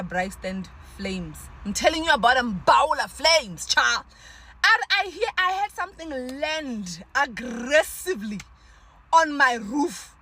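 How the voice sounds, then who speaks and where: A woman telling a dramatic story, animated and full of exclamations. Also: sits high, slight background noise, rough recording. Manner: animated, exclaiming, mixing in local words.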